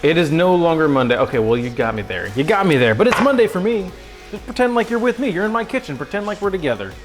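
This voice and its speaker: A man's voice: high-pitched, lively intonation, quick pace, soft background music. A young man hosting a cooking livestream from his home kitchen, joking with viewers in a goofy, self-mocking way. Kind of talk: casual cooking livestream chat.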